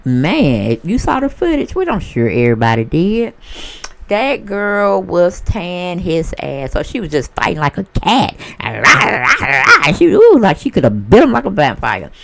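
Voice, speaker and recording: A woman riffs on celebrity rumors in a loose, sassy monologue. Her voice sits low with a gravelly edge, and her pitch leaps high and drops low as she plays out imagined quotes from the people she talks about. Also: a little slow. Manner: sassy, animated storyteller who acts out other people's voices. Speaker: celebrity gossip commentator. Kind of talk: casual gossip monologue.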